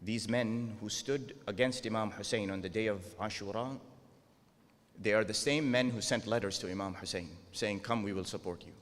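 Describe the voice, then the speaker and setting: A man's voice: on the low side, normal speed. A man delivering an earnest sermon, often asking his audience rhetorical questions. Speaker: preacher. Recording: long hall reverb.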